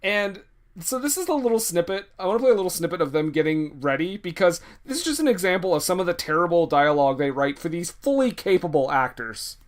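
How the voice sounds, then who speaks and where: A man's voice: sits high, animated, fast talker. A man talking casually on a podcast about a movie, joking, laughing and swearing. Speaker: podcast guest.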